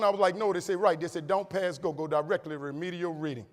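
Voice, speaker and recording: A middle-aged man with a New Orleans accent giving an animated motivational speech full of stories, acting out the voices of people he quotes. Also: high-pitched, brisk, pauses often. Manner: animated, acts out quoted voices, laughing asides. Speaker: keynote speaker. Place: large hall with audience. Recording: long hall reverb.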